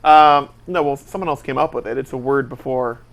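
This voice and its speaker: A man's voice: medium pitch, a little fast, creaky, slight background noise. A man co-hosting a casual talk show, chatting in a rambling way with lots of fillers. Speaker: podcast co-host. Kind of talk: casual chat.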